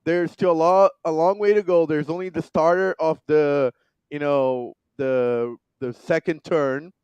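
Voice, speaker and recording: A podcast co-host with a Brazilian Portuguese accent and a high voice talks sports in English, his second language. He is animated and stumbles through fillers and restarts. The recording is dry and close. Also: clear, resonant tone, no room sound, dull audio. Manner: animated, halting with many fillers. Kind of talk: casual sports chat.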